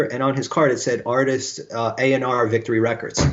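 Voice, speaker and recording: A middle-pitched Brooklyn man, recounting old stories in a casual interview. He talks in a lively way and acts out what other people said in the scenes he describes. The recording is a little dull and lo-fi. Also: fairly quick. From Brooklyn, New York. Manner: animated storyteller who acts out quoted dialogue. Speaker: guest musician. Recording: slightly dull lo-fi sound.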